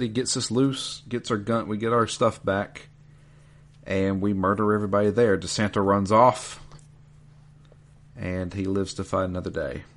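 A man with a very deep voice talks through a video game story in easygoing chat. He rambles a little and fills gaps with ums and uhs as he goes. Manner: relaxed, rambling, filler-heavy.

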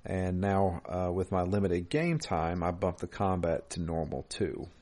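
A man co-hosting a casual gaming podcast over a remote call, relaxed and rambling. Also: low-pitched, a little slow. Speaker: podcast co-host. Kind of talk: casual chat.

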